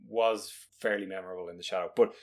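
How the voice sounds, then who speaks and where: A man's voice: low voice, steady tone, fast talker. A man co-hosting a podcast in casual film chat, rambling and correcting himself as he goes, now and then swearing and then apologizing for it. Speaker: podcast co-host.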